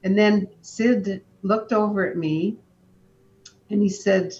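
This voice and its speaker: A woman, a guest in an interview, telling a personal story in a calm, unhurried way, often stopping to restart her sentences. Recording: dull lo-fi sound with faint rumble.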